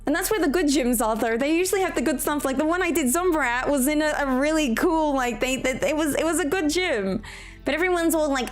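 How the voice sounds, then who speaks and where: A young woman with an Australian accent, talking with her chat and friends while she plays a game. Her voice sits high and she rambles in a giggly, chatty way, often restarting her sentences. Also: lively intonation, fairly quick, soft background music. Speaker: streamer. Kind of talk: casual chat while gaming.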